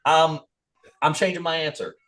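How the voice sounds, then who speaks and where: A man's voice: fairly high pitch, moderate pace. A man co-hosting a podcast, chatting casually with lots of swearing and mock voices. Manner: animated, heavy swearing, slips into mock voices. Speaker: podcast co-host.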